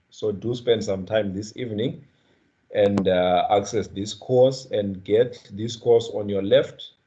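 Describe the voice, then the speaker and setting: A man's voice: fairly low pitch, dark tone. A man from the Eastern Cape with a South African accent, leading an online class, checking in with students and often repeating words. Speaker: guest trainer. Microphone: video call. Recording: dull lo-fi video call audio.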